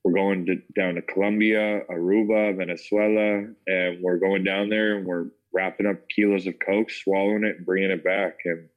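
Man, American accent, very low voice, casual testimony storytelling, lots of fillers. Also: little pitch movement, normal speed, hardly any pauses, narrow, tinny audio. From United States. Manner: casual, filler-heavy, says "like" and "man" often. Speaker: interview guest.

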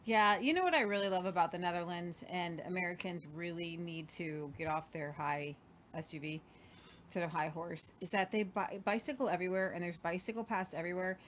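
A woman's voice: lowish voice, a little fast, slight background noise. A woman co-hosting a casual weekly news show, rambling and hesitant as she lays out the stories. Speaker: co-host.

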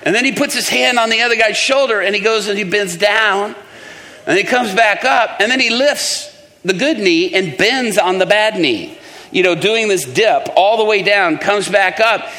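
A man's voice: sits high, moderate pace, in a large hall. A man preaching and telling a story, acting out the voices of the people in it. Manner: animated, acts out the voices in his story. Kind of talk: sermon storytelling.

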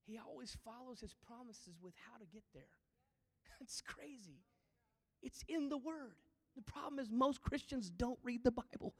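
Male pastor, high voice, preaching with big swings down to near-whispers; reverberant hall. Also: measured pace, darkish tone. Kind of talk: sermon. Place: church auditorium. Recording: long reverb of a large hall.

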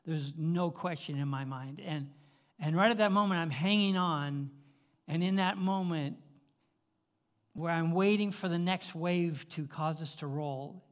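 A man preaching, telling a story in an animated way, with frequent restarts and chuckles. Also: a little high, unhurried. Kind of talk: sermon storytelling.

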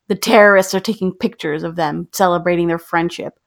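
Woman chatting w friends, telling a movie plot, does the characters' lines, mid pitch. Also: a little fast, few pauses. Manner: animated storyteller, acts out characters' lines. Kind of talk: casual chat retelling a film plot.

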